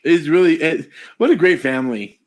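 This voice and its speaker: A man's voice: on the high side, lively intonation, normal speed. A man co-hosting a casual chat, playful and joking. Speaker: co-host.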